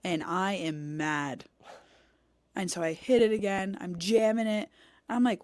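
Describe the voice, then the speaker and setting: A woman's voice: medium pitch, a little slow, no echo. A young woman co-hosting a podcast, telling a story in casual chat and animatedly acting out the dialogue. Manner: animated, acts out quoted dialogue, cusses. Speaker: podcast co-host. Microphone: studio podcast mic.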